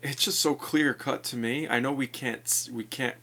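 A man's voice: mid-range voice, steady tone, normal speed, vocal fry, pushed and bright. A man co-hosting a true-crime podcast in casual chat, teasing his partner and laughing often. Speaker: podcast co-host.

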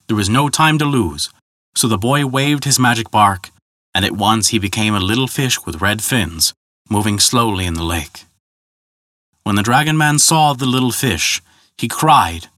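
Man, storyteller, bright tone, dry close sound, measured scripted narration. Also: fairly low pitch, expressive, no echo.

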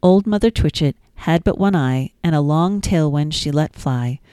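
A woman's voice: low voice, moderate pace, mellow, clean tone, no echo. A woman hosting a children's podcast, reading nursery rhymes in a sing-song, playful way with little asides.

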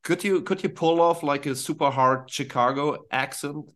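A man from northern Germany speaks English with a German accent. He chats casually as a podcast guest, telling stories in an animated way with lots of quick restarts. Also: fairly high pitch. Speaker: guest musician.

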